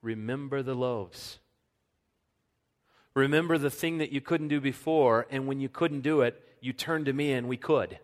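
A man preaching a sermon as a pastor, earnest, sinking to a soft hush when he speaks God's words. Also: medium pitch, steady tone, normal speed, hardly any pauses. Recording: long reverb of a church hall.

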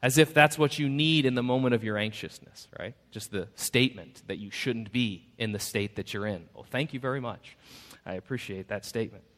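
Pastor preaching in a reverberant hall. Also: male voice, mid-range voice, brisk, a bit bright. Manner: conversational, self-deprecating preaching with acted-out quotes. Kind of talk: sermon. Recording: long reverb of a church hall.

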